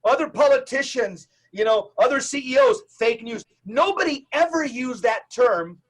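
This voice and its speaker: A man who is a Catholic evangelist, a guest on a podcast interview, talking in an emphatic, preacher-like, rapid-fire way. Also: very high voice, lively intonation.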